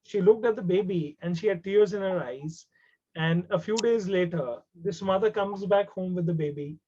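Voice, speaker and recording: During a webinar, a man with an Indian English accent tells a story in a high voice with a dark tone at a moderate pace. He talks conversationally, repeats words, and drifts into Hindi. The video call audio is dull and lo-fi.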